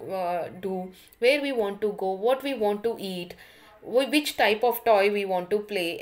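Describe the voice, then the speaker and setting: A woman teacher with an Indian accent and a rather high voice gives an online English lesson. She works through a story line by line, repeating phrases and explaining what each word means.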